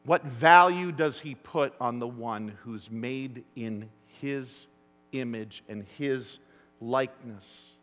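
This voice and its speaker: A man's voice: medium pitch, slow pace, fairly bright tone. A man preaching a sermon to his congregation. He tells stories and keeps asking the room rhetorical questions. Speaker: pastor. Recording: long hall reverb.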